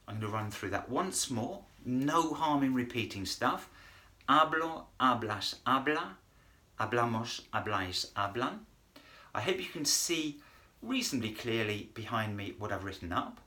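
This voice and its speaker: Bright-voiced man teaching Spanish. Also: medium pitch, big pitch swings, moderate pace, hardly any pauses. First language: English. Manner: chatty, encouraging, self-deprecating humour. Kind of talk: video language lesson. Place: in front of a whiteboard.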